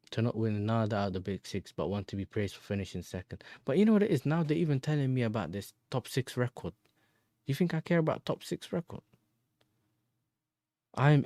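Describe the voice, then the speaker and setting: A man's voice: lowish voice, mellow, no room sound, studio quality. A man hosting a football fan livestream, bantering in slang and answering chat messages. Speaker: football fan channel host.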